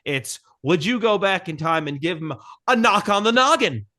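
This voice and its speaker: A man's voice: sits high, expressive, normal speed, pushed and bright. A man co-hosting a podcast in casual chat, playful and cracking goofy jokes. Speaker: podcast co-host.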